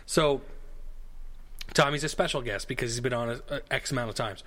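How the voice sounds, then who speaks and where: A man's voice: medium pitch, brisk, fairly bright tone. A man co-hosting a casual podcast, rambling and digressive with a jokey tone. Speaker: podcast co-host. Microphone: headphones and studio mic.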